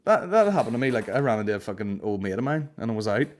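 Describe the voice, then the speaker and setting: A man's voice: on the low side, sing-song, very fast, a little mellow. A young man hosting a comedy podcast, telling stories in a sweary, sarcastic way. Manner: sweary, sarcastic, acts out voices. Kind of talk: casual storytelling chat.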